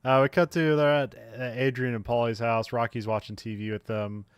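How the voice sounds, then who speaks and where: A man's voice: mid-range voice, steady tone, moderate pace, smooth, no room sound. A man co-hosting a casual movie podcast, recapping scenes with many fillers and frequent laughs. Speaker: podcast co-host.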